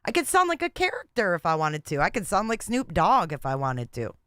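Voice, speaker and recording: A woman's voice: lowish voice, huge pitch swings, a little fast, fairly bright tone, smooth, dry recording, clean studio sound. A woman hosting a casual livestream, talking in a blunt, repetitive and exasperated way. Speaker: livestream host.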